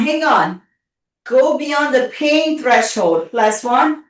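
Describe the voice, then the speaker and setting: A woman with a high voice and lively intonation takes her time speaking, her sound distant in an echoey room. She's a fitness instructor running a live online workout class, playfully urging her students on and getting breathless.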